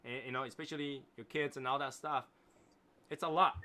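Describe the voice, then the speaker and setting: Bright-voiced livestream host, reflective. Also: male voice, mid-range voice, fairly even intonation, a little fast, a little hiss or hum. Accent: non-native English accent. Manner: reflective, rambling, repeats phrases and asks "right?". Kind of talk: casual chat reading viewer comments.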